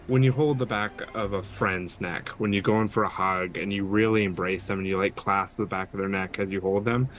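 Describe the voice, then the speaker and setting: A man's voice: lowish voice, fairly bright tone, rough recording. A man narrating his character's actions and speaking in character during a tabletop role-playing game. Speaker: tabletop player.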